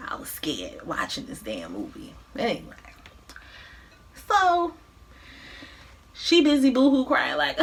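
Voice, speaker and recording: A woman vlogger casually recapping a movie, with animated, slangy, profane storytelling. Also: high voice, takes it slowly, long pauses. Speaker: mukbang vlogger.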